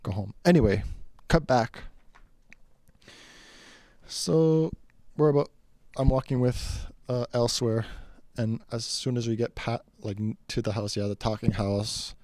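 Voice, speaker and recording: A man's voice: medium pitch, a little slow, a little mellow, no echo. A man telling a rambling, casual personal story, quoting the people in it. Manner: rambling, chatty, quotes people in his story.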